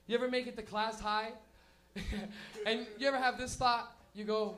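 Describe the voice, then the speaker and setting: High-voiced laughing stand-up comic. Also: male voice, steady tone, fairly quick, a bit bright. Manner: profane, laughing, storytelling. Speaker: stand-up comedian. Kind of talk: stand-up comedy set. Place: live show venue with audience.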